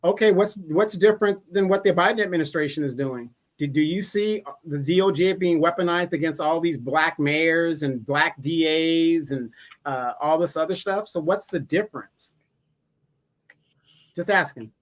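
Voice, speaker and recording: A man's voice: fairly high pitch, moderate pace. A man hosting a live stream, reading comments and asking pointed questions with dry asides. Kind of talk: casual live-chat commentary.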